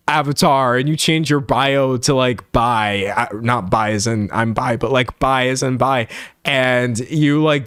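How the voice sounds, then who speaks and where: A man's voice: medium pitch, no room sound, studio quality. A young man live streaming, chatting casually as he reacts to viewer comments, rambling and self-mocking, with frequent laughter.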